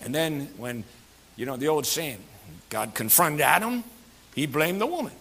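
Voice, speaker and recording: A male pastor delivers a sermon in a church, his voice high and ringing with a bright, forceful edge. He preaches in an animated, folksy way, full of fillers and jokes, and talks to his congregation. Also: moderate pace, a little hiss or hum.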